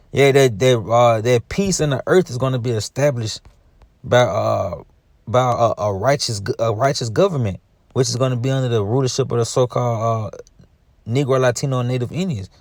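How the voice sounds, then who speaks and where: Man, average pitch, informal scripture teacher who keeps checking "you see?". Dry, close sound. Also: darkish tone, no echo. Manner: conversational, often asks "you see?" and adds "man". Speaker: religious teacher.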